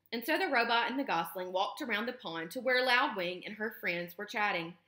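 Bright-voiced teacher reading a children's book. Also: female voice, medium pitch, a little fast. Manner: clear, expressive storytelling. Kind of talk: children's book read-aloud. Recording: roomy echo.

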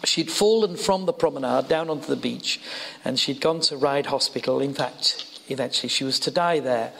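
Northern English preacher in an echoing hall. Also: male voice, mid-range voice, moderate pace, vocal fry, fairly bright tone. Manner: earnest storytelling, rising to emphatic peaks. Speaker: evangelist preacher. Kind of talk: sermon. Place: college chapel. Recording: reverberant hall.

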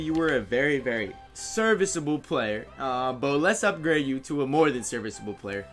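Man, gaming commentator, hypes his plays and coaches the players on screen, soft music underneath. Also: mid-range voice, moderate pace, few pauses. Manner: excitable, talks to players on screen. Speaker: gaming YouTuber. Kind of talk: live gameplay commentary.

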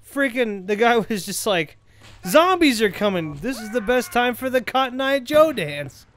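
Rambling, excitable young-sounding gamer guy. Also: very high-pitched, moderate pace, slight background noise. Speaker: gameplay commentator. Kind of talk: casual let's-play commentary.

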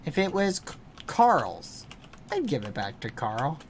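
Man streamer, playful, swooping animated delivery, unhurried pace, gushing squeals. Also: a little high, slight background noise. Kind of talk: live game stream chat.

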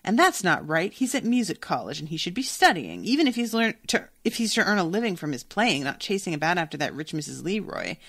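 A woman's voice: lowish voice, sing-song, fairly quick, hardly any pauses, a bit bright, heavily acted. A woman reading aloud as a lonely older woman who chatters and gossips. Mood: gossipy. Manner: fussy and gossipy.

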